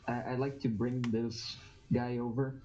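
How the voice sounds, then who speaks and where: Mellow, deliberate male tabletop player. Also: mid-range voice, little pitch movement, muffled recording. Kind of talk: casual tabletop play.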